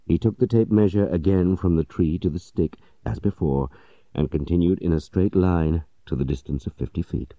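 Very deep-voiced man reading a story. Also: normal speed, no room sound, dull audio. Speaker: audiobook narrator. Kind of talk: scripted story narration.

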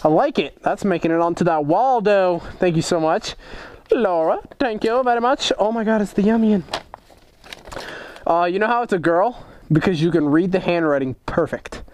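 Hyped young dude opening fan mail on his vlog, kinda high voice, swears constantly, jokes around. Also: normal speed. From United States. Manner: excitable, swears a lot, jokey. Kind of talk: casual vlog chat.

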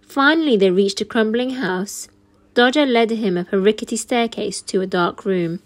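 A woman teacher reading a children's storybook aloud with slow, expressive narration. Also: mid-range voice.

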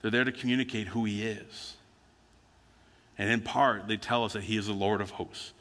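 A lower-pitched man preaching a conversational sermon with a bright, forceful edge to his voice. He tells his stories plainly and slips into the speakers' voices now and then. The sound carries a long reverb from a church hall. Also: steady tone, moderate pace. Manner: conversational storytelling preaching with acted quotes. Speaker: pastor. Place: church sanctuary.

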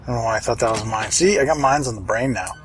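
A man's voice: mid-range voice, quick pace, slight background noise, low-quality recording. A man casually commenting on his own gameplay, wry and chatty, muttering to himself and swearing now and then. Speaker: let's play host.

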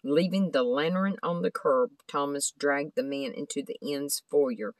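A woman's voice: low voice, a little slow, dry recording, poor audio. Woman reading a storybook aloud. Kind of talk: scripted narration of a children's book.

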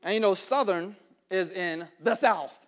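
A male pastor preaches to a congregation in a church sanctuary, calling for responses, laughing between lines and building up to shouts. His voice sits high and he takes his time.

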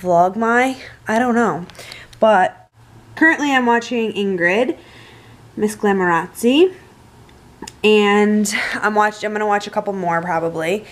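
A woman's voice: mid-range voice, measured pace, pauses often. A young American woman chatting casually to camera from her bedroom at night, rambling and easygoing. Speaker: vlogger.

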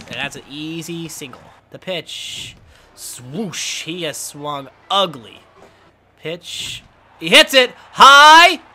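A young man playing a baseball video game and calling the action play by play, breaking into shouts and laughter on big hits. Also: on the high side, slight background noise. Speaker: gameplay commentator.

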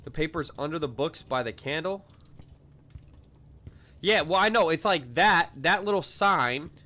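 A young man giving casual gameplay commentary, excitable and swearing a lot as he shouts at the game. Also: on the high side, measured pace, slight background noise. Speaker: gaming video creator.

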